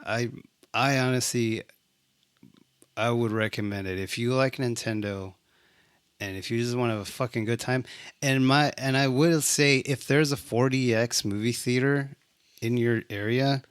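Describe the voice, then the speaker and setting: A man's voice: mid-range voice, normal speed, clean tone, no room sound. A young man co-hosting a casual movie review chat, laid-back, rambling and profane.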